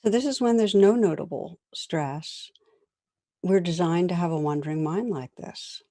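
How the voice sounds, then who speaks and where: A middle-aged woman meditation teacher giving a conversational dharma talk to a class, with gentle laughs as she tells stories. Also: lowish voice, normal speed, no echo, studio quality.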